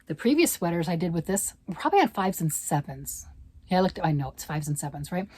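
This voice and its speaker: A woman's voice: on the low side, sing-song, quick pace, darkish tone, slightly rough. An older woman, a grandmother, chatting casually about yarn and knitting on her vlog, rambling and often asking "right?". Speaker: yarn vlogger. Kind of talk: casual chat.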